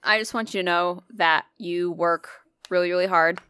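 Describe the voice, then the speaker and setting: A woman's voice: fairly low pitch, steady tone, moderate pace, pushed and bright, clean tone, no room sound, clean studio sound. A woman co-hosting a podcast, chatting casually in a blunt, emphatic and sweary way. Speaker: podcast co-host. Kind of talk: casual chat.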